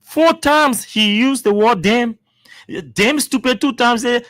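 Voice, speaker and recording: A radio talk show host with a Liberian accent, giving commentary in an emphatic, repetitive, animated way. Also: medium pitch, normal speed, no room sound.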